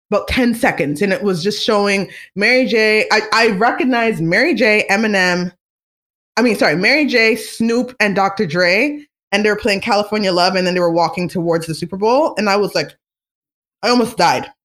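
A vlogger chatting casually and excitedly to the audience, rambling with lots of fillers and sudden gushing. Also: medium pitch, moderate pace. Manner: excitable, rambling, animated fan. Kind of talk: casual fan chat to camera.

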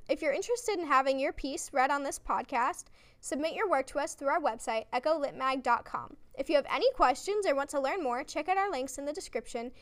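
A young woman hosting a literary podcast, giving a brisk, chatty introduction and promo. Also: high-pitched, fairly bright tone. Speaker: podcast host.

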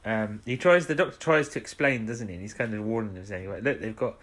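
A man's voice: fairly low pitch, lively intonation, fast, a bit bright. A man co-hosting a podcast, recapping a TV episode in rambling, casual chat and leaning on tag questions. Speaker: podcast co-host.

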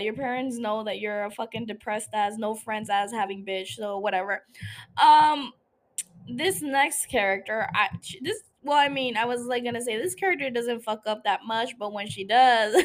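Young woman podcaster, kinda high voice, casual recap chat, lots of swearing. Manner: animated, swears a lot, laughs at own jokes. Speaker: podcast host.

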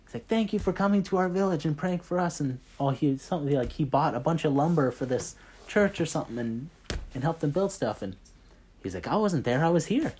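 A man leading a casual Bible study, telling stories in an animated way and filling his talk with "like" and "right?". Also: fairly high pitch, brisk, breathy edge. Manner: animated storyteller, heavy on fillers like "like" and "right?". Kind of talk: casual faith chat.

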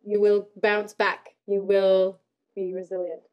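A woman's voice: mid-range voice, flat delivery, unhurried, dull audio. A woman in casual conversation, speaking in a thoughtful, earnest way. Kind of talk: casual chat.

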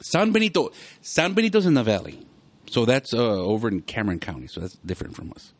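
Animated man hosting a show. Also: mid-range voice, fast talker. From South Texas. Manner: animated, rambling, laughs often. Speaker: podcast host. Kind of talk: casual chat.

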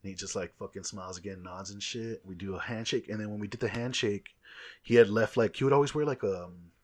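A man on a podcast, quietly recounting a story in relaxed, slang-heavy talk. His voice sits low, and he swears freely in an easy, unhurried way. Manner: slangy, profane, soft-spoken. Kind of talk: casual podcast chat.

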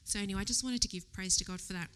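A woman speaks to a church congregation in a casual sermon, with a bright, ringing tone. She talks in a chatty, animated way, laughs often and lowers her voice to a whisper when she quotes her own thoughts. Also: racing. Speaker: lay preacher. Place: church service before a congregation.

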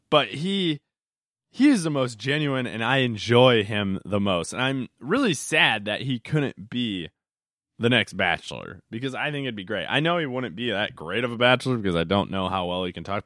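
A man's voice: on the low side, fairly bright tone, no echo, clean studio sound. A young man talking casually on his solo podcast, rambling with lots of fillers and self-corrections. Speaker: podcast host.

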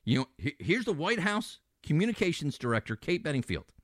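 A man's voice: fairly high pitch, sing-song, a little fast, a bit bright, dry recording. A man hosting political talk radio as a fill-in, ranting with indignation and sarcasm into a studio microphone.

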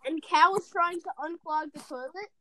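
Eager high-voiced girl telling stories. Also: moderate pace, very noisy. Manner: eager, rambling storyteller. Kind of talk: casual storytelling among friends.

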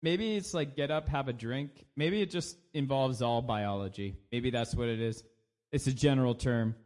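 A man's voice: mid-range voice, normal speed, darkish tone. An American man co-hosting a casual podcast chat, joking and laughing often. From United States. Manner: jokey, puts on silly voices and laughs often. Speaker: podcast co-host.

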